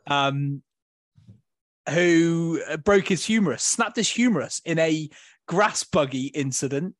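A man's voice: on the high side, unhurried, dry recording, clean studio sound. A man hosting a casual podcast banter session over a video call, rambling and laughing often. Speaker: podcast host.

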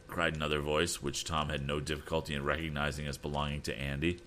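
A man reading an adventure story aloud as narrator in a measured storytelling manner. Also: extremely low pitch, fairly bright tone, slight background noise. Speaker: audiobook narrator. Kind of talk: scripted narration.

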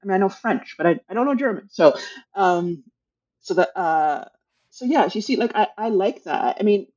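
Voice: medium pitch, lively intonation, normal speed, a little mellow, highs cut off. An author talking casually about their book, hesitant and thinking aloud, with many restarts. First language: English.

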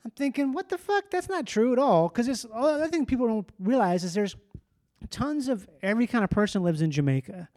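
A man in casual chat, quick and wry, riffing jokes as a comedian co-host. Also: very high-pitched, animated, darkish tone, no room sound, studio quality.

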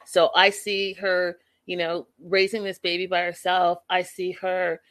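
A woman's voice: lowish voice, level tone, measured pace, fairly bright tone. A woman casually recapping a reality show episode, chatty and opinionated, peppered with "like" and "you know".

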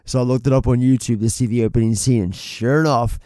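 A fast-talking podcast co-host with a mellow, medium-pitched voice and fairly even intonation chats casually and rambles. He swears freely and pokes fun at himself, captured in studio quality with no room sound.

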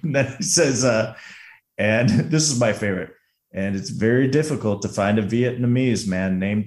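Enthusiastic man in an echoey room. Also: lowish voice. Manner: enthusiastic, laughs while retelling scenes. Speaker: podcast co-host. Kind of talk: casual movie discussion.

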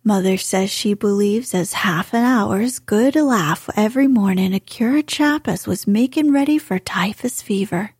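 A woman's voice: mid-range voice, moderate pace, few pauses, a little mellow, husky, dry recording, studio quality, lightly acted. A woman doing a cheerful Yorkshire lad. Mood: amused. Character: Yorkshire moor boy, cheerful and homely.

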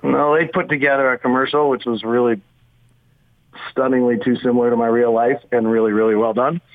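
A man's voice: mid-range voice, steady tone, brisk, no room sound. A man calls into a sports radio show and breaks down the team at length, rambling and thinking aloud as he goes. His voice comes through a thin, tinny phone line with a dry, close sound. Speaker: team radio broadcaster, guest. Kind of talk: casual sports radio analysis.

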